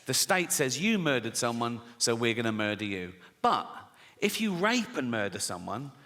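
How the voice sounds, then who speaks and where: A man performing a stand-up routine, chatty and profane, putting on quick voices for the people in his stories. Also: mid-range voice, big pitch swings. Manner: conversational, swearing, acts out characters. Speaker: stand-up comedian. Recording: live stage mic in a large hall with loud audience ambience.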